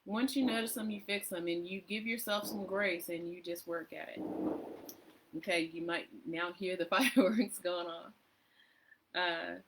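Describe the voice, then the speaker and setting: A woman's voice: fairly low pitch, fairly even intonation, a little slow, fairly bright tone, a little hiss or hum. A woman voice coach giving tips in a casual live online session, chatty, laughing often and acting out little voices.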